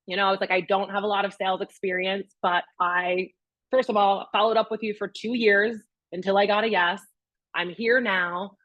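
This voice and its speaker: The young woman, a real estate agent, shares a personal story at a master class, vividly acting out what she and others said. She speaks at medium pitch and normal speed in a dry, muffled recording.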